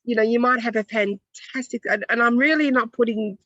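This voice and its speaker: A woman teacher with an Australian accent, telling stories in a lively way during an interview over a video call. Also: fairly high pitch, brisk, dry recording, dull audio.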